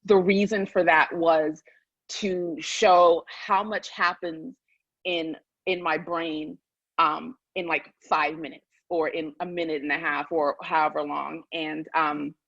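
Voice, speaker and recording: Woman author reading slowly. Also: sits low, flat delivery, vocal fry, fairly bright tone, dry recording, lo-fi sound. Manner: measured, deliberate reading with a slowed pace. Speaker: author and guest. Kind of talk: conversation and reading from her own memoir.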